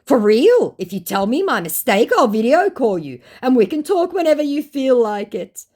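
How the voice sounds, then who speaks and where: A brash young scammer, taunting and smug, his voice pitched up and loud with wide swings. A woman mimics him in a sneering put-on voice. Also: very animated, moderate pace. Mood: wheedling. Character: cocky young male online scammer, taunting.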